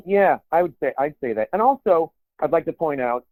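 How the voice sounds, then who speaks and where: A man's voice: on the high side, sing-song, normal speed, gravelly, darkish tone, no echo. A man co-hosting a podcast in casual chat, rambling with many restarts and put-on quotes. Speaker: podcast co-host. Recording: tinny phone-like sound, dry.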